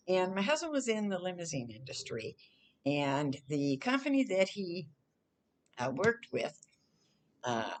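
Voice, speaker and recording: An older woman from the Chicago area telling a story from her past in a casual, chatty way, acting out her own quoted lines. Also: medium pitch. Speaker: storyteller vlogger.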